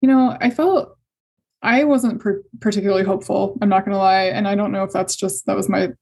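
A young adult woman telling a personal story in conversation, hesitant and emotional, with many fillers and soft laughs. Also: medium pitch, steady tone, fairly quick, creaky, slightly rough. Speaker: guest sharing fertility story.

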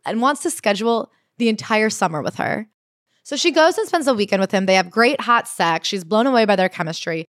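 A woman co-hosting a casual book-recap chat, retelling the story in a quick, animated way with quoted asides. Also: mid-range voice, no echo, clean studio sound. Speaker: podcast co-host.

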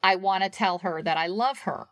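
Chatty lady podcast cohost, bright voice, dry close mic, laughs a lot. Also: medium pitch, moderate pace, no room sound. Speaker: podcast co-host. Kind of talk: casual chat.

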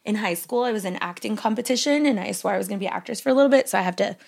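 A woman's voice: medium pitch, rapid-fire, creaky, darkish tone. A woman in her thirties co-hosting a casual podcast, chatting and then reading a love letter to her young daughter, her voice catching with emotion. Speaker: podcast co-host.

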